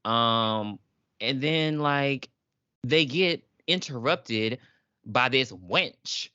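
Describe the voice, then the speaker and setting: A woman's voice: very deep voice, expressive, drawn-out words, pushed and bright, smooth, no echo, highs cut off. A woman co-hosting a podcast in casual review chat, talking with lots of fillers and acting out characters' lines. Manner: chatty, filler-heavy, acts out characters' lines. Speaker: podcast co-host.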